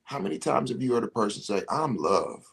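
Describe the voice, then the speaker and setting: Husky-voiced man giving a spiritual pep talk. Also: medium pitch, big pitch swings, a little fast. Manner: emphatic, preachy, addresses listeners directly. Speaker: ceremony facilitator.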